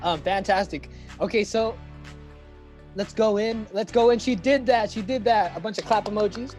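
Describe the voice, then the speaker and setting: A woman's voice: mid-range voice, normal speed, a little mellow, soft background music. A woman hosting an online youth poetry slam, upbeat and talking casually, often repeating her words. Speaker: slam host.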